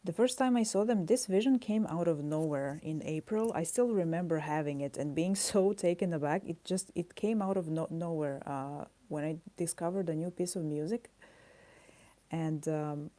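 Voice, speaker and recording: A woman chatting casually on a live stream while she draws at her desk, talking softly and thinking aloud with pauses and fillers. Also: low voice. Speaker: artist streaming her drawing. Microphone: camera mic.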